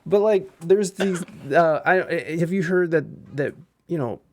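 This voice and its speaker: A man hosting a casual podcast chat, talking in halting bursts with many restarts and fillers. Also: a little high, darkish tone, slight background noise. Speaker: podcast host.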